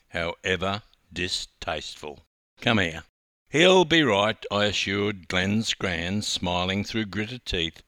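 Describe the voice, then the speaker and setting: An older Australian man, a former swim coach, reading his own memoir aloud with wry, animated storytelling. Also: lowish voice, no room sound, studio quality.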